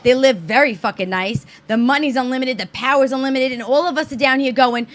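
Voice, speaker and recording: A woman's voice: high voice, brisk, few pauses. A woman co-hosting a casual talk show, ranting with emphatic profanity. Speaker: co-host. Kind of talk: heated casual chat.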